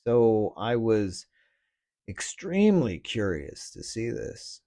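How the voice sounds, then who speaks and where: Slow-talking man ranting with swearing. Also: lowish voice, very animated, warm tone. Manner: profane, griping and laughing. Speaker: podcast host. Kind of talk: casual solo rant.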